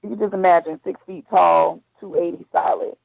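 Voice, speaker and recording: A woman's voice: lowish voice, moderate pace, vocal fry, dry recording, narrow, tinny audio. A woman guest in a radio interview, telling a personal story candidly and acting out the voices of the people in it. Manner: candid, animated, acts out quoted voices.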